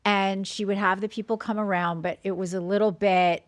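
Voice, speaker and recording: A woman's voice: medium pitch, steady tone, a little fast, no echo. Encouraging woman podcast co-host. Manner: warm, encouraging, sums up what the guest says. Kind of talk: casual interview chat.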